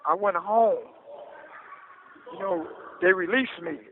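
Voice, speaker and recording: A man telling his story in a casual interview, animated and often asking "you hear me?", heard over a phone line. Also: high voice, slow, slight background noise. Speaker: interview guest recounting his case. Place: prison phone call.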